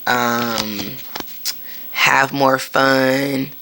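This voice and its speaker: Low, gravelly-voiced woman podcast host. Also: steady tone, very slow, background noise. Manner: candid and profane, with sudden high-pitched outbursts. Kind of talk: casual spiritual monologue.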